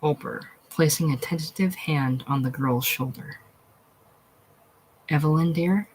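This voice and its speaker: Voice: medium pitch, steady tone, moderate pace, slight background noise, low-quality recording. A reader going through a play aloud, reading the stage directions in a plain way.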